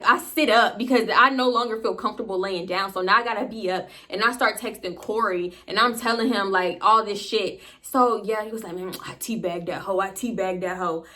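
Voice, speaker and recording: Bright-voiced young woman telling a story. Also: medium pitch, a little fast, few pauses. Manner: candid, animated, profane storytelling. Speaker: storytime vlogger. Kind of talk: casual storytime monologue.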